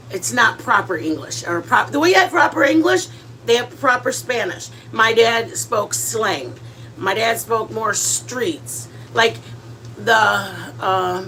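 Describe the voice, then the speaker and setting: A woman's voice: mid-range voice, a bit bright, a little hiss or hum. A woman hosting a home cooking vlog, chatting casually in a rambling way with lots of fillers and restarts and dropping in Spanish words. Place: home kitchen.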